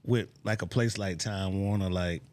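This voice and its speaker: A man hosting a relaxed interview, asking questions and adding short replies. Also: sits low, moderate pace. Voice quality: relaxed, many short backchannels. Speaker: podcast host. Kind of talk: casual interview chat.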